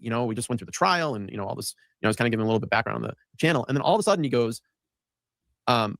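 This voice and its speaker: Fast-talking man telling a rambling story. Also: medium pitch, a bit bright, dry recording, clean studio sound. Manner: rambling, acts out quoted lines. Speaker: host. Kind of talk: casual storytelling chat. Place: studio.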